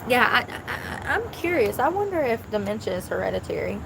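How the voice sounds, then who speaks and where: A woman's voice: on the high side, very animated, a little fast, creaky. Woman streaming outside, blunt chatty talk, traffic going by behind her. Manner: chatty and blunt, thinking aloud. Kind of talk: casual live-stream chat. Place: outdoors near traffic.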